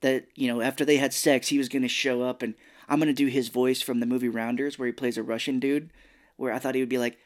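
A man co-hosting a podcast in casual chat, retelling a film with an easygoing storyteller's manner and quick mocking character voices. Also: medium pitch, flat delivery. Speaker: podcast co-host.

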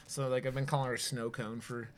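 A man's voice: mid-range voice, flat delivery, a little fast, slight background noise. A man co-hosting a horror podcast in loose casual chat, rambling with lots of fillers and swearing. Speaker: podcast co-host.

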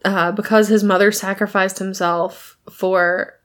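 Brief: chatty woman co-host, mid-pitched, casual recap, laughs a lot. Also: little pitch movement, a bit bright. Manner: chatty, laughs often, acts out lines in quick asides. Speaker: podcast co-host recapping a film. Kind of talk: casual chat.

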